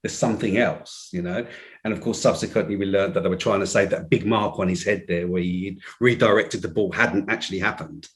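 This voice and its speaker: A man, a podcast guest telling a story in an animated way, often restarting his sentences. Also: sits low, fairly quick. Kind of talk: casual storytelling.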